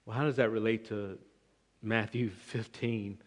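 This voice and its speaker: A man preaching an expository sermon, emphatic, with swings between loud and quiet passages. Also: on the low side, fairly even intonation, measured pace. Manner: emphatic, rising and falling in volume, restarts words. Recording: long reverb of a large hall.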